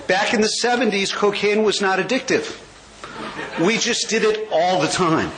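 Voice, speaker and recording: Speaking to a large gathering in a convention hall, a Californian man in his sixties tells his recovery story as a wry storyteller, firing off quick jokes. His voice is high, and the recording is very noisy.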